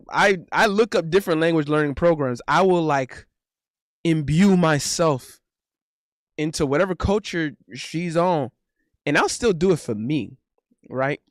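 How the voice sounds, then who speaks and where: A young man rambles through casual live-stream banter, slangy and repetitive, his voice sitting a little high for a man. He is close to the mic in a dry, dead-sounding space. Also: dry recording. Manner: loose, repetitive, swears, says bro a lot. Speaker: streamer host.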